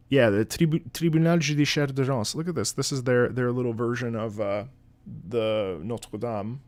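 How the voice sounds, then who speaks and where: A man's voice: medium pitch, normal speed, darkish tone, no echo. A man who streams and sings opera, telling a rambling story in casual chat with his audience, with lots of swearing and filler words.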